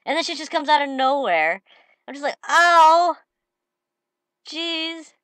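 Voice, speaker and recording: Excitable woman commenting on her gameplay. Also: high-pitched, normal speed, no echo. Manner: excitable, bursts into shouted trash talk. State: slightly sniffly from a cold. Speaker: gamer.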